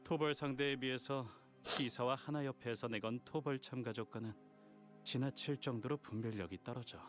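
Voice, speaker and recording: An actor playing a friendly, level-headed male hunter in a game, speaking calmly and reasonably with a mildly critical edge. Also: mid-range voice, racing, soft background music, close to an everyday voice. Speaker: game character voice. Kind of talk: Korean voiced game dialogue.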